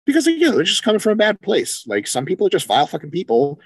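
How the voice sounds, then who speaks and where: A man co-hosting a casual podcast chat, animated and profane, acting out quoted exchanges as he talks. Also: high voice, quick pace, breathy edge, dry recording. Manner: animated, swears freely, acts out quoted exchanges. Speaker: podcast co-host, coach.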